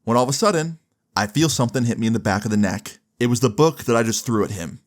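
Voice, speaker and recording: A young man casually telling a story, with a relaxed, loose delivery full of fillers and some swearing. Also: medium pitch, fast talker. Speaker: storyteller vlogger.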